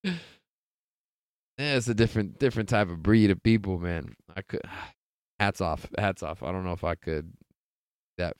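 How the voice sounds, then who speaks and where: Laid-back, low-voiced man rambling. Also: measured pace, long pauses, clear, resonant tone, no room sound. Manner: laid-back, rambling, heavy swearing and laughter. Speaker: podcast host. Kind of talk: casual sports podcast chat.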